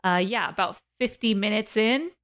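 A woman in her thirties co-hosting a podcast, talking through a film review in a loose, casual way. She is chatty and animated, with frequent laughs and quick asides. Her voice sits at an ordinary middle pitch for a woman.

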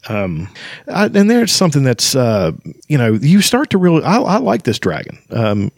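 A man's voice: medium pitch, wildly swooping pitch, moderate pace, gravelly, dry recording, studio quality. Man reading a fantasy novel with casual asides. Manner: hesitant, many fillers and restarts. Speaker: book reader and commentator.

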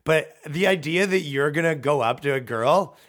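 A man's voice: on the high side, animated, moderate pace, fairly bright tone. A man hosting a comedy podcast, riffing in a rambling, profane, sarcastic way. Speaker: podcast host.

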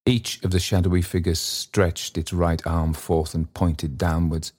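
Low slow-reading male narrator. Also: level tone, a little mellow. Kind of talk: audiobook reading.

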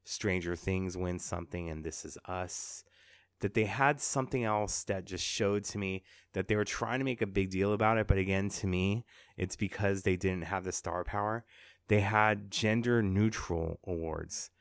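Deep-voiced man in casual podcast chat. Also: moderate pace, clean tone, no room sound, clean studio sound. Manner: chatty, sarcastic asides. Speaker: podcast host. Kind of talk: casual pop-culture chat.

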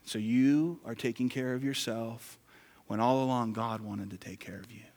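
A male pastor preaching a sermon emphatically, swinging from loud exclamations to hushed whispers. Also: mid-range voice, steady tone, moderate pace, gravelly. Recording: long reverb of a large hall.

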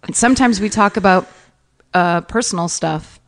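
A woman co-hosting a podcast in easy, joking chat, laughing often as she spins a story. Her voice sits at a middle pitch with an ordinary, steady tone. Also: moderate pace. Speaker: podcast co-host. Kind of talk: casual chat.

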